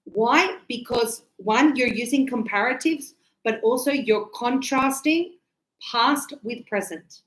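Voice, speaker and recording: A woman teaching English in a live class, chatty and animated, acting out little dialogues as she explains. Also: a little high, slow, echoey room, low-quality recording.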